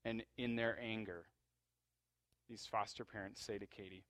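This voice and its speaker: A man's voice: lowish voice, steady tone, moderate pace, a bit bright, no echo. A man telling a story vividly and acting out the people in it.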